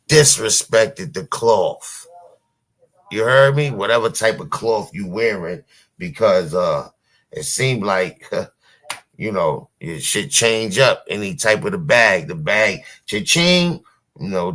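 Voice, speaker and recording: A man hosting reaction commentary, mocking the clip and laughing loudly at his own jokes. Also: lowish voice. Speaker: commentary channel host.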